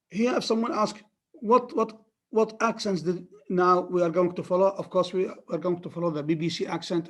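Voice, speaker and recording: A man with an Arabic accent giving a phonetics lecture, repeating key terms emphatically for students. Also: high-pitched. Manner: repetitive, emphatic teaching with many restarts.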